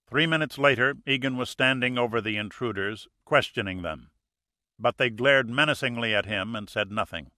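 A man narrating a thriller audiobook in a steady, measured way. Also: mid-range voice, no room sound, clean studio sound. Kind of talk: scripted narration.

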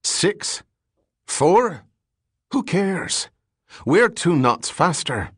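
A man's voice: high-pitched, very animated, extremely slow, husky, dry recording, clean studio sound, voice pushed up, full character voice. A man voicing a ruthless rebel leader who gives curt, commanding orders.

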